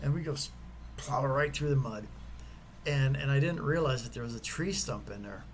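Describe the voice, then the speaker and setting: A man giving a motivational talk and telling a personal story. He is animated and swings between loud emphasis and hushed whispers. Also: medium pitch, normal speed, a little hiss or hum, low-quality recording. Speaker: motivational speaker.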